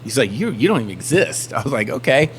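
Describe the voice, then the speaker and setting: A man's voice: mid-range voice, fast, a little hiss or hum. A man from the Southern United States, a band member telling a story on a podcast and acting out everyone's lines. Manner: animated storyteller acting out quotes.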